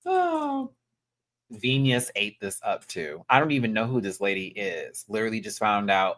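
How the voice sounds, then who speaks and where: A reviewer in a casual live review, talking animatedly with sassy asides and sudden high-pitched exclamations. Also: sing-song, a little slow, fairly bright tone. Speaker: show reviewer.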